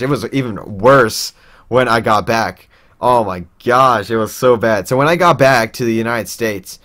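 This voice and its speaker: A man's voice: fairly low pitch, fairly bright tone. A young man telling a personal story in a casual, rambling way, with lots of fillers and restarts. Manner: acts out quoted people in raised voices.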